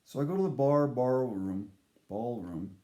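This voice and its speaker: A man's voice: medium pitch, expressive, unhurried, dark tone, echoey room. A man telling a casual, comic story in a rambling, profane way, often breaking off his sentences. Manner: rambling, profane, self-interrupting.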